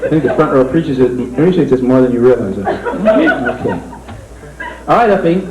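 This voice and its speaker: A man's voice: mid-range voice, lively intonation, normal speed. A young man performing a stand-up comedy magic act, with playful, dry asides to the crowd. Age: young adult. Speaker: comic magician. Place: comedy club stage. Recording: echoey club recording with loud audience.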